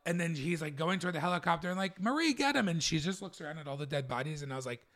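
A man co-hosting a casual chat show, talking excitedly, swearing a lot and acting out scenes. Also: a little high, rapid-fire. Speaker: podcast co-host.

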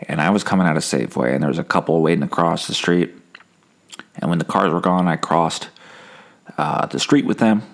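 A man with a low, gravelly voice delivers an absurdist comic monologue in a deadpan way. His pitch swings widely as he wanders and corrects himself. He steers everyday stories toward dark punchlines. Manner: deadpan, rambling with self-corrections. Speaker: comedy podcast host.

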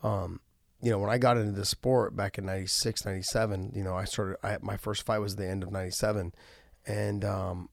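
Gravelly low-voiced man, earnest and halting. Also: little pitch movement, dry recording, clean studio sound. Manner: earnest, halting, many restarts and fillers. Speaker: podcast host and former fighter. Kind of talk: casual podcast talk.

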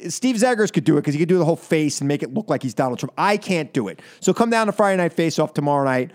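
A man hosting a call-in radio show from a studio, animated and laughing, often repeating himself. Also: high-pitched, fairly quick. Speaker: radio talk show host.

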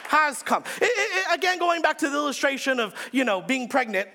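A male pastor preaches emphatically, repeating phrases and swinging between shouts and hushed lines. His very high voice moves fast with big pitch swings and vocal fry, with some chatter in the background.

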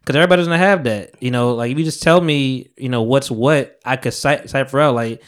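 A man's voice: medium pitch, fairly quick. A young man hosting a casual podcast chat, easygoing and laughing often, rambling through his points. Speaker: podcast host.

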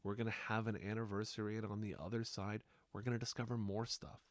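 A man hosting a podcast, speaking in a slow, reflective monologue with unhurried, hypnotic pauses. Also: lowish voice, level tone, no room sound.

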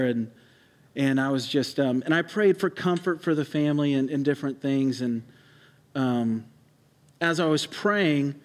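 Pastor, male, higher-pitched voice, preaching in a church hall with long reverb. Halting storytelling that grows emphatic. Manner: halting storytelling with many restarts and fillers, rising to emphatic preaching. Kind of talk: sermon.

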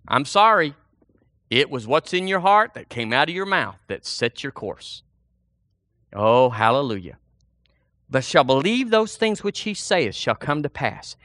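Animated, bright-voiced preacher man. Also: mid-range voice, a little slow, no room sound, clean studio sound. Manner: animated, folksy, swings between loud emphasis and quiet asides. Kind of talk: sermon.

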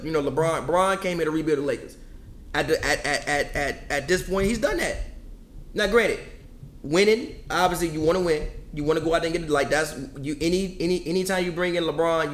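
Male sports debater, quick and insistent, a little high-pitched, repeats himself. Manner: repetitive, restarts often, insistent. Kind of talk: heated casual sports debate.

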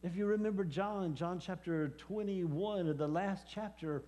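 Man, preacher, high voice, mellow tone, halting delivery, lots of fillers and restarts. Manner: halting, repeats words with many fillers. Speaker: preacher and former hospice chaplain. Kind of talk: personal testimony sermon.

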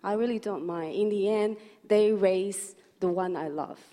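A woman contestant on a panel, speaking gently and agreeably with soft fillers. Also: mid-range voice, measured pace. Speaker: dating show contestant. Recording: echoey hall on stage.

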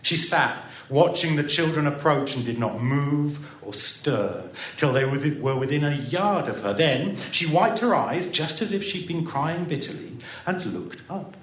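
A man reading a story aloud on a live stage in an expressive, theatrical way, with the odd dry aside. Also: on the high side, a little slow, hardly any pauses. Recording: roomy echo.

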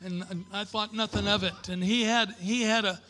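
High, bright-voiced preacher in an echoing hall. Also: male voice, fairly even intonation, moderate pace. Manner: preacher's cadence, building to shouted declarations. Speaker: pastor. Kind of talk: sermon. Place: church sanctuary.

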